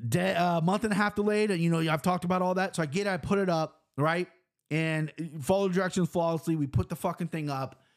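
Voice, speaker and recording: Young male podcast host, slightly high-pitched, brash and profane, ranting with loud spikes and quiet mutters. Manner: brash, profane, ranting, swings between loud outbursts and low asides. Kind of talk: casual monologue.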